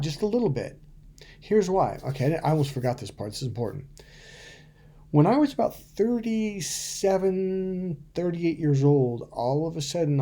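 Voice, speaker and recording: A man's voice: mid-range voice, warm tone. A middle-aged man, a dating coach, talking bluntly and profanely to camera, telling stories and acting out quotes. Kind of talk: casual to-camera coaching talk.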